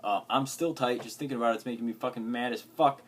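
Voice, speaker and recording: A man's voice: mid-range voice, fairly even intonation, fast talker. A man vlogging, ranting agitatedly with heavy swearing and lots of filler words. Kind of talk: profane ranting vlog.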